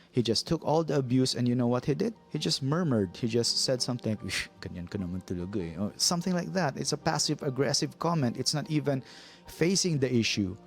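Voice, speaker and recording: A man's voice: medium pitch, vocal fry. A man from the Philippines, a movie reviewer, giving an earnest opinionated commentary and often restarting his sentences. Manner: earnest, repeats himself, frequent restarts.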